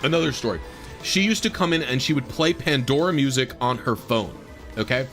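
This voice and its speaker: Over faint background music, a man with an animated, slightly bright mid-range voice speaks fairly quickly. He's streaming a game and telling a loose, casual story packed with fillers and exasperated side comments.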